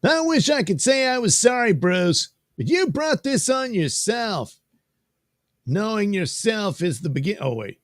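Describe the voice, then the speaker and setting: A man voicing a male comic-book character who taunts Batman in a high, mocking read-aloud voice. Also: very animated, a little slow, dry recording, clean studio sound.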